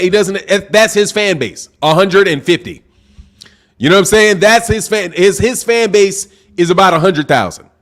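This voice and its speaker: A man hosting a live-stream boxing talk show, loud and excitable, projecting his voice and saying "bro" a lot while reading viewer super chats. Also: high voice. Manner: reads super chats aloud. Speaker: boxing channel host. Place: home live stream, sipping drinks.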